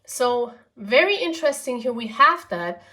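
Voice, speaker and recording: Woman, German accent, tarot reader, chatty, slightly high voice. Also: very animated, normal speed, bright, forceful tone. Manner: chatty, often adds "okay?" and "yeah?". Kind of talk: pick-a-card tarot reading.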